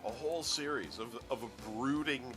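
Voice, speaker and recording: A man's voice: mid-range voice, normal speed, over music. A man hosting a gaming news show, reading items aloud and adding sarcastic asides.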